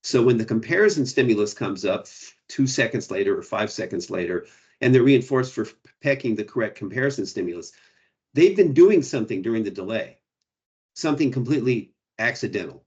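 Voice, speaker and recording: A man's voice: medium pitch, animated, brisk, a little mellow, highs cut off. A man presenting, answering audience questions in a hesitant, explanatory way with many restarts. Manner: hesitant, restarts, frequent "you know" and "right". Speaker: guest presenter. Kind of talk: academic Q&A answers.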